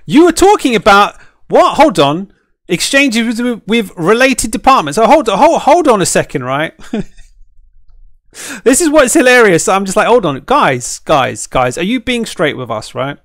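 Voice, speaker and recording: A man's voice: high-pitched, measured pace, dry recording, clean studio sound. A man, a game streamer and caster, ranting in casual chat and often tossing in "right?" to check with his viewers. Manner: animated, ranting, keeps asking "right?".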